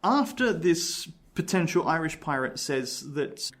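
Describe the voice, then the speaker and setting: Brief: man, fairly high voice, reads aloud and chats easily as a podcast host. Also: very animated, unhurried, a bit bright. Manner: reads aloud from a book, chatty and laughing. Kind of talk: casual chat and reading aloud.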